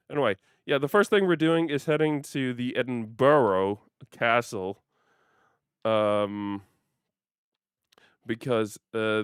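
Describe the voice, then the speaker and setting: Guy streaming a racing game, goofy and chatty, laughs a lot, clean smooth voice, dry close mic. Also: medium pitch, fairly bright tone, dry recording. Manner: chatty, playful, laughs often, talks to chat. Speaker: livestreamer. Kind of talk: casual gaming livestream chat.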